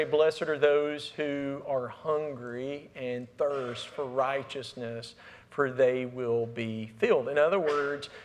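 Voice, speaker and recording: A man preaches in a church, his voice a touch higher than most men's. He talks to the congregation like friends, stumbling over repeated words and asking them questions. A long reverb from the hall hangs on his words. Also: a bit bright. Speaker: pastor. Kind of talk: sermon. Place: church sanctuary.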